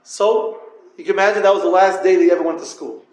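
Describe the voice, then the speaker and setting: Here the lecturer speaks fast in a high, steady tone. He tells yeshiva students a story during a Torah talk, speaking straight to them in Yiddish-flavored yeshivish English, and the room echoes.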